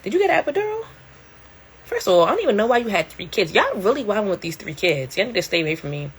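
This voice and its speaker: Chatty candid woman with a low voice. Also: very animated, rapid-fire, a little hiss or hum. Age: middle-aged. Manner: chatty and candid, laughs often, slangy. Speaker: livestream host. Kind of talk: casual livestream chat.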